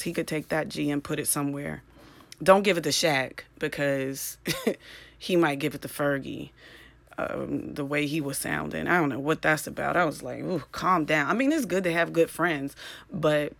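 A woman's voice: low voice, dry recording. A young woman hosting a solo podcast late at night, tired and rambling, often trailing off and restarting. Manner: tired, rambling, self-interrupting. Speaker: podcast host.

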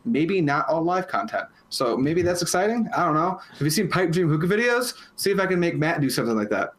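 A man's voice: fairly high pitch, sing-song, fairly quick. A man co-hosting a casual podcast, making dry joking asides. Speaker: podcast co-host.

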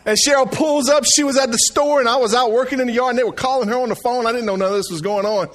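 Middle-aged male pastor with a strikingly high voice, delivers a folksy sermon with call-outs. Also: fast talker, fairly bright tone. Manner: folksy storytelling, calls for response. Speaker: preacher.

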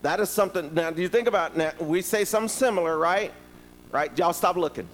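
A man preaching a sermon, telling stories and talking directly to the congregation in a lively, conversational way. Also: high-pitched, a little fast, big-room sound, slight background noise, rough recording. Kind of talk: sermon with storytelling.

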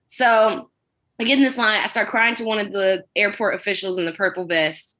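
Woman, podcast co-host, casual storytelling, animated, rambling, profane, bright tone. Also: mid-range voice, normal speed.

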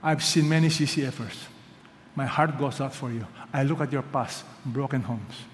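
A man preaching a sermon. He is emphatic, moves between loud calls and hushed lines, and prompts the congregation to respond. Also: mid-range voice, normal speed, slight background noise. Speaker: pastor. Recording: long reverb of a large hall.

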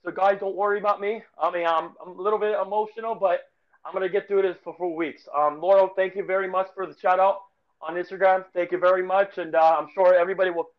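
A man co-hosting a casual sports podcast, talking in a halting, emotional way with many restarts and repeated words. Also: high-pitched, flat delivery, phone-quality sound. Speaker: podcast co-host.

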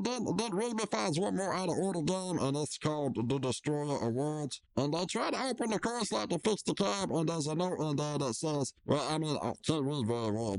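Stumbling, lively podcast co-host. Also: medium pitch. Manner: stumbling, repeats words, mimics characters. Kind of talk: casual episode recap.

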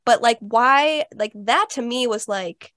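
A woman's voice: a little high, measured pace, fairly bright tone, no room sound, clean studio sound. A young adult woman hosting a podcast, telling a personal story in a casual, chatty way with lots of "like" fillers. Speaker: podcast host. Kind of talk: casual conversational interview.

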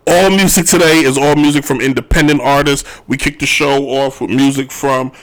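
A man hosting a sports talk radio show, ranting his opinions in an animated, joking way. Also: mid-range voice, moderate pace.

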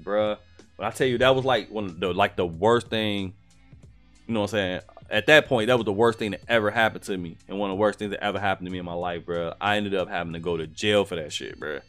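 A young man casually telling a personal story, slangy and animated, with lots of fillers. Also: lowish voice, quick pace, soft background music.

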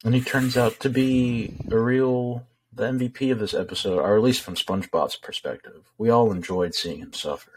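A man's voice: medium pitch, moderate pace, few pauses, a little hiss or hum, poor audio. A man co-hosting a casual podcast, laid-back and matter-of-fact. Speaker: podcast co-host. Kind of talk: casual chat.

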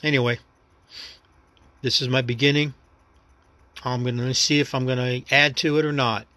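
A man with a New York accent talks through his life story on his own podcast, rambling and reflective without pushing. His voice sits in an ordinary middle pitch. The recording is dry and close, with no room sound. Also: flat delivery, normal speed, pushed and bright, no echo. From New York City. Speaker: podcast host. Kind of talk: casual personal monologue.

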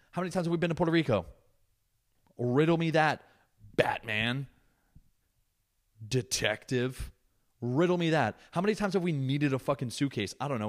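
A young man hosting his own podcast, ranting alone in a profane, sarcastic and animated way. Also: mid-range voice. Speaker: podcast host. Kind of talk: solo podcast rant.

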